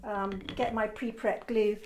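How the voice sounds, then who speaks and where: A woman's voice: medium pitch, flat delivery, unhurried, darkish tone, a little hiss or hum. A woman art teacher giving a casual, rambling demonstration lesson, encouraging and often correcting herself.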